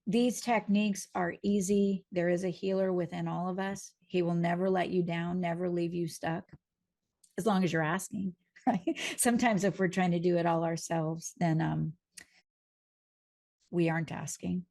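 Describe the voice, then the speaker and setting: Gravelly woman teaching hypnotherapy calmly. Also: on the low side, normal speed. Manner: calm, explanatory, uses homely images. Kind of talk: teaching a training lesson.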